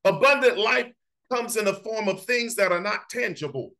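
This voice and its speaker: Man, Bible study preacher, high voice, bright forceful tone, impassioned and repetitive. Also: moderate pace, creaky, low-quality recording. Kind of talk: sermon-style Bible teaching.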